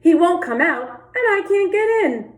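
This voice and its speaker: A woman voicing a fussy, indignant little male rabbit in a children's storybook, squealing high when upset. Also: animated, measured pace. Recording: echoey room.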